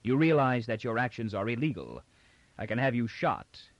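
A man voicing a huge, curt lieutenant who speaks with a dangerous softness, in a dull, dry recording. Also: mid-range voice, expressive, moderate pace, dry recording, natural voice. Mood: menacing. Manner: soft, curt, menacing. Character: dark giant male lieutenant, dangerously soft-spoken.

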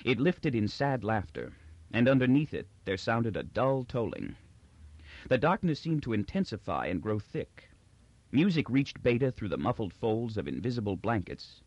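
A man narrating a science fiction story in a steady, expressive reading voice. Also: mid-range voice, normal speed, no room sound. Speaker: audiobook narrator. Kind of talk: scripted narration. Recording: dull lo-fi dry recording.

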